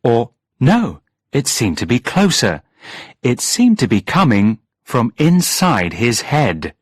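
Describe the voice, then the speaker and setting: Husky low-voiced male storyteller. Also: big pitch swings, takes it slowly, no room sound, clean studio sound. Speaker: audiobook narrator. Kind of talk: scripted storybook narration.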